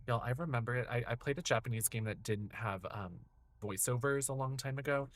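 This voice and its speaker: A man's voice: mid-range voice, a little fast, no room sound. A man in his thirties talks through a horror game on stream. He rambles from one memory to the next, drops swears freely, and chats straight to his viewers in a loose, casual way. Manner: chatty, rambling, profane, chatting to viewers. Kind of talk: casual gameplay commentary.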